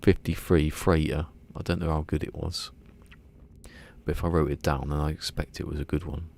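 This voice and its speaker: A man's voice: rumbling low, level tone, moderate pace, gravelly, darkish tone. A man streaming a game live, rambling and muttering to himself as he plays. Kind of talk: casual live gameplay commentary.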